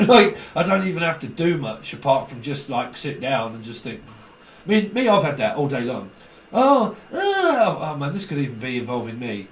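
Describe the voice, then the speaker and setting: A man's voice: medium pitch, very animated, normal speed. A man reading tarot in a casual monologue, rambling, swearing, laughing often and mimicking other people. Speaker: tarot reader. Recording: echoey room, some distance from the mic, faint noise.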